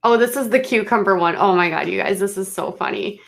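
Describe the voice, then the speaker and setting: Woman streamer, casual commentary, snarky and exasperated, mid-pitched voice. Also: fairly quick, gravelly. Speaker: livestream commentator.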